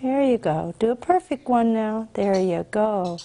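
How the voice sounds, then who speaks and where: A woman's voice: medium pitch, animated, measured pace, warm tone. A woman and parrot owner coaxing her pet bird in sing-song baby talk.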